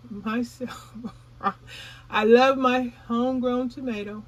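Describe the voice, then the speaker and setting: Eine Frau, die in lockerem Plauderton für ihren Gartenkanal vlogt, ihre Zuschauer direkt anspricht und manchmal beim Kauen redet. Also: female voice, fairly high pitch, steady tone, takes it slowly, long pauses, rough recording. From California. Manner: chatty, addresses viewers as y'all; talks while chewing. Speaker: gardening vlogger. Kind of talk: casual vlog chat.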